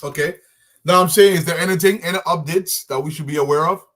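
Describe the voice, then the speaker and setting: A man's voice: a little high, fast, a bit bright. A man hosts a casual live show, greeting viewers by name in a friendly, rambling way with many fillers and restarts. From Liberia. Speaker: show host.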